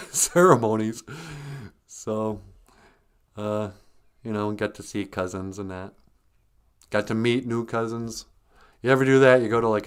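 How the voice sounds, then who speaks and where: On a casual livestream, an older man with a smooth, fairly low voice says hello to viewers and tells humorous stories, frequently chuckling as he goes.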